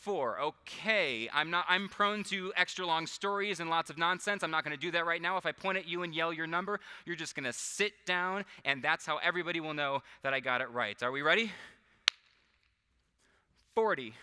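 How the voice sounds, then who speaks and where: This performer's voice is on the high side, bright, forceful, clear and resonant, at a normal speed. He's doing a comedic mind-reading show live on a big convention stage, joking at his own expense, chatting and laughing often with volunteers from the crowd.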